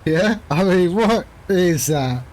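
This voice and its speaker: A man's voice: high voice, animated, slow pace, a little mellow. A man streaming a flight simulator, chatting casually and rambling with jokey asides to his viewers. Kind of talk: casual chat while flying a sim.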